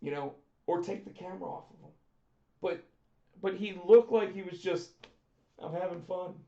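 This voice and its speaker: Animated male podcast co-host, echoey. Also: high-pitched, moderate pace, gravelly. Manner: animated, acts out what others said. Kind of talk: casual wrestling chat. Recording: echoey room, dull lo-fi sound.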